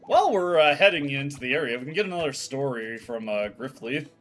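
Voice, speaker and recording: A man's voice: medium pitch, sing-song, a little fast, a bit bright, faint music behind. A man streaming a video game, chatting casually and laughing easily. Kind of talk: let's play commentary.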